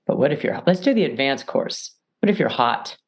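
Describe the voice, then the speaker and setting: A woman's voice: very deep voice, very animated, fairly quick, breathy edge. A middle-aged woman, a mediator and podcast guest, giving emphatic advice and acting out little scenes as she explains. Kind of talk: animated advice talk.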